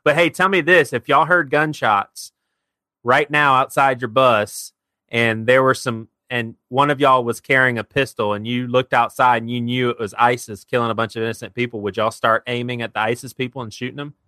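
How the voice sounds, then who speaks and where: Blunt podcast dude, bright forceful voice, dry mic. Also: male voice, medium pitch, fairly even intonation, normal speed, dry recording. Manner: blunt, provocative. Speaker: podcast co-host. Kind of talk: casual podcast talk.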